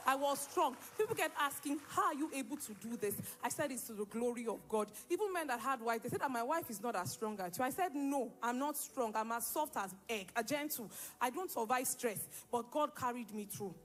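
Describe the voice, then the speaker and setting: A young woman gives a spoken church testimony, telling her story in a lively way and acting out the lines of the people in it. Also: a little high, brisk, hardly any pauses. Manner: lively storytelling, acts out quoted dialogue. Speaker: church member giving testimony.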